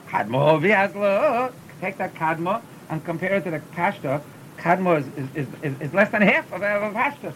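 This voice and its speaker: A man teaches a classroom lesson on Torah cantillation, stumbling and repeating words as he explains and breaking into brief chanted examples. His tone is sharp, and the rough recording carries a faint rumble underneath.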